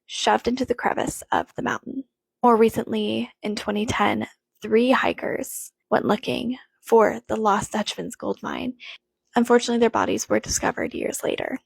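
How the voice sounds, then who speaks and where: Husky, gravelly woman telling a scary story. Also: a little high, dry recording, poor audio. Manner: matter-of-fact, chatty sign-off to viewers. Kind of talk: casual scary story narration.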